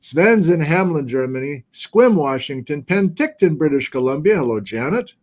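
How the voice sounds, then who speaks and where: An American man hosting a geology livestream, casually reading out where viewers are watching from in a relaxed, chatty way. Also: on the high side, moderate pace. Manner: relaxed, chatty, reads viewer locations aloud. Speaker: geology lecture host.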